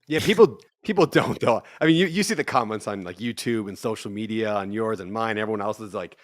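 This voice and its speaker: A real estate investor in his thirties, guesting on a podcast, tells stories in casual conversation as an animated storyteller who acts out the people he quotes. His fairly low voice moves a little fast, with clean studio sound and no echo.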